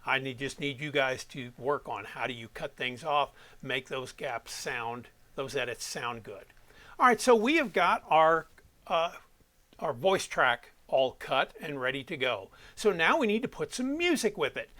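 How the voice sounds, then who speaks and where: A man's voice: mid-range voice, sing-song, unhurried, bright, forceful tone. A man explaining audio editing step by step, as an instructor walking students through a tutorial. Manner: plain step-by-step explaining, self-correcting.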